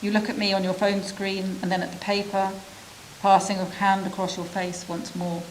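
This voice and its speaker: A woman's voice: mid-range voice, little pitch movement, slight background noise, rough recording. Woman reading a reflective prose story. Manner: measured, reflective, with pauses. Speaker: reader of a refugee's story. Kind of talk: reading a literary prose piece aloud.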